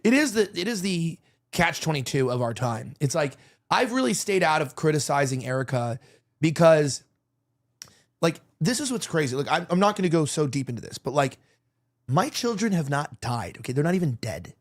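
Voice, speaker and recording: A man's voice: on the high side, lively intonation, normal speed. A man hosting a casual opinion show, rambling and emotional, with many restarts and provocative jokes. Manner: provocative joking. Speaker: podcast host.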